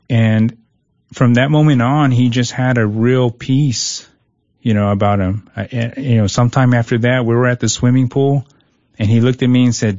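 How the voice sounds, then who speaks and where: A man's voice: medium pitch, steady tone, moderate pace, a little mellow, no room sound, lo-fi sound. A man guest in an interview, telling a personal story in an earnest way, often repeating words. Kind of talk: conversational interview.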